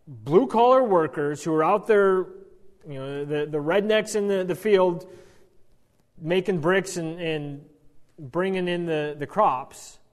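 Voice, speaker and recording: A man doing a flustered, pleading reluctant man. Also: sits high. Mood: exasperated. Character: reluctant anxious man objecting. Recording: reverberant hall.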